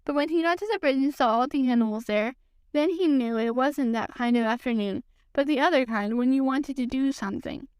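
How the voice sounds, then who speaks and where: High, crisp woman reading a storybook. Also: fairly quick, darkish tone, dry recording. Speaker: podcast reader. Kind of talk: storybook read-aloud.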